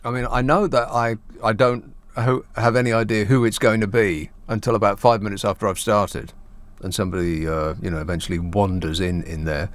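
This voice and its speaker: A man hosting a talk radio show, bantering in a sarcastic, deadpan way. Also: lowish voice, a little fast, hardly any pauses, dry recording. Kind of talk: solo talk radio chat.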